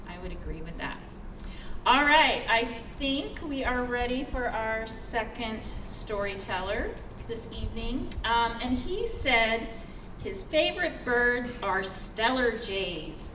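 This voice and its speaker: A woman's voice: fairly high pitch, lively intonation, takes it slowly, pushed and bright. A woman emceeing a school storytelling event, friendly and chatty, with many ums. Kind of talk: introducing storytellers. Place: school auditorium. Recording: roomy hall, mic far off, faint hum.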